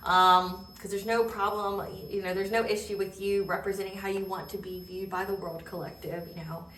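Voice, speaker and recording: Bright-voiced woman tarot reader, echoey. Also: medium pitch, level tone, normal speed, slight background noise. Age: adult. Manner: rambling, many fillers and "okay?" check-ins; laughs while telling stories. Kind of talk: casual spiritual reading. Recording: roomy echo, distant mic.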